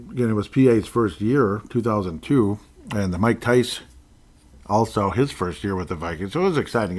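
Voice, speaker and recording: A man hosting a casual solo sports podcast, rambling and often correcting himself as he goes. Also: on the low side. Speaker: podcast host.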